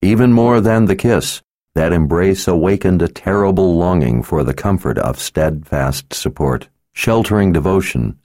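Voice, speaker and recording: A man narrating an audiobook in scripted, expressive and measured storytelling. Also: low voice, no room sound, clean studio sound.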